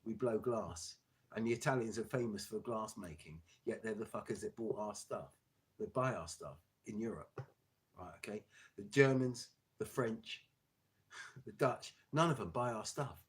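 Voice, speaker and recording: A man, a glass maker, delivering an angry, sweary political rant to his viewers with halting restarts. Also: on the low side. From England.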